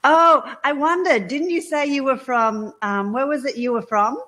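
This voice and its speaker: A woman with an Australian accent chatting casually on a video call, slangy and quick to laugh. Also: sits high, sharp tone. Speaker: guest on a group video chat. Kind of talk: casual chat.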